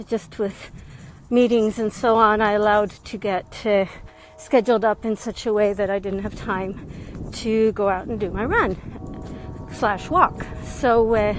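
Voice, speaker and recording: A woman's voice: mid-range voice, rough recording. Breathless woman vlogging on a walk. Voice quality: slightly out of breath. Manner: chatty and frank, laughs often. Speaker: life coach. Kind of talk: casual vlog monologue while walking. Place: outdoors on a windy street. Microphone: earbuds. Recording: wind and faint traffic noise.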